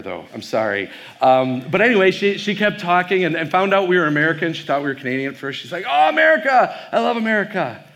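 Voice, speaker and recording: A man's voice: medium pitch, a bit bright. A man from Wisconsin, a pastor giving a keynote talk to a youth audience, telling stories in a loose, conversational way with plenty of fillers. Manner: conversational storytelling with frequent fillers.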